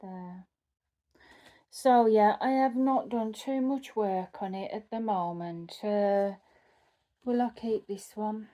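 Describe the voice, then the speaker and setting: A woman's voice: medium pitch, slow, dark tone, lo-fi sound. A woman who runs a cross-stitch channel, chatting casually at home as she sorts through her craft kits, thinking aloud and correcting herself as she goes.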